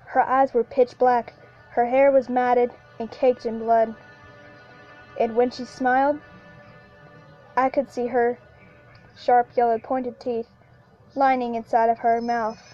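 A woman narrating a first-person horror story in a halting way, with frequent restarts and repeated lines. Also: a little high, mellow. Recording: lo-fi with faint background music.

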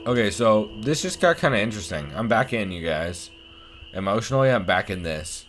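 A man's voice: on the low side, very animated, a little fast, soft background music. A man casually commenting on a game he is playing, swearing a lot and reading the game's diary text aloud. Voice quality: profane, sarcastic, reacts loudly. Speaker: let's play host.

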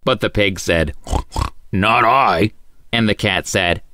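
A man hosting a story show and reading a children's tale aloud in an expressive, sing-song way. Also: low voice, moderate pace, slight background noise. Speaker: storyteller host.

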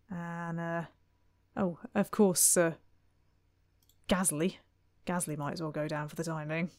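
A woman's voice: on the low side, steady tone, unhurried, darkish tone, dry recording. A woman commentating on her own gameplay in a wry, chatty way, full of exasperated asides. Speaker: let's play host.

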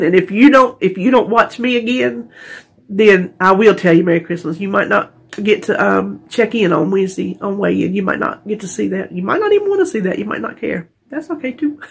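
A woman's voice: medium pitch, breathy edge. A middle-aged woman from North Carolina, talking tearfully and rambling in a heartfelt casual vlog, stumbling over words and laughing often. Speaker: vlogger.

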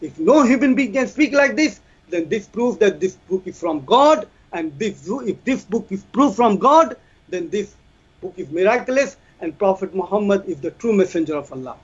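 A man argues his case in a debate, recites scripture in Arabic and keeps asking rhetorical questions. His voice sits very high. The stream audio is dull and lo-fi. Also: animated, moderate pace, slightly rough. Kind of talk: debate presentation.

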